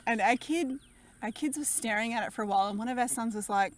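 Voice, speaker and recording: Bubbly Australian woman, fairly high voice. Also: fast talker, slight background noise. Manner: bubbly, laughing, teasing. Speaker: co-host. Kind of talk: casual family vlog chat.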